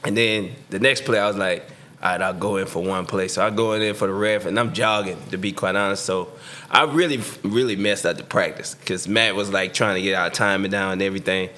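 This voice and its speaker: As a guest on a podcast, this middle-aged ex-pro football receiver relays a story with lots of slang and energy, imitating the voices of its characters. He talks fairly quickly in a low-pitched voice over slight background noise.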